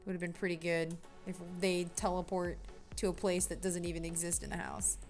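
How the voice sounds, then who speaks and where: A young woman chatting casually while building a game on a livestream, talking to her chat, often correcting herself and brightening with sudden excitement. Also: lowish voice, a little fast, faint music behind. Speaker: game dev streamer.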